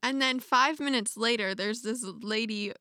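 A woman's voice: on the high side, normal speed, pushed and bright, no room sound, studio quality. A young woman, telling travel stories in a casual chat and laughing between phrases. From Canada. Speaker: podcast co-host.

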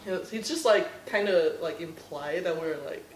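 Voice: medium pitch, moderate pace, slight background noise. A young adult podcast guest chatting casually with lots of laughter and filler words. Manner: giggly, many filler "like"s. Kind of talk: casual interview chat. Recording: roomy, distant mic.

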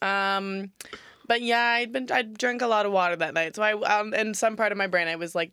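Young woman joking around on a comedy podcast, mid pitch, laughs a lot, dry mic. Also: steady tone, brisk, bright, forceful tone, clean tone, no echo. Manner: playful, rambling storyteller who laughs often. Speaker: podcast co-host. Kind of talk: casual comedic chat.

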